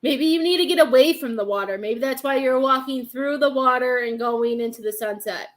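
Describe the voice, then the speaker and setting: Speaking in a brisk, high-pitched voice, this psychic medium runs a live-stream reading. She hesitates and muses out loud while calling on viewers by name.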